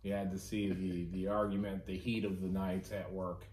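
A man's voice: sits low, normal speed. A man hosting a casual podcast chat, telling a work story with lots of swearing. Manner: animated storyteller, swears freely. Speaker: podcast host. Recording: echoey room, faint noise.

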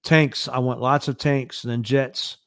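A man's voice: mid-range voice, steady tone, slow pace, fairly bright tone, clean tone, no room sound, clean studio sound. A man reading as a furious young male leader. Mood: angry threatening. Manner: angry, harsh, demanding. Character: young male national leader, arrogant and threatening.

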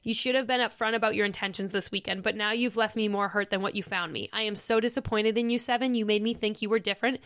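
Woman, podcast host, casual storytelling, animated retelling, mid pitch. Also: fast talker, few pauses. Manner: animated retelling, quoting texts aloud.

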